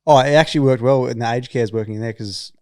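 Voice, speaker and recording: A man's voice: mid-range voice, fast talker, a little mellow, no room sound, studio quality. A young man co-hosting a podcast, talking bluntly and casually with plenty of swearing. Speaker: podcast co-host. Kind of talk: casual banter.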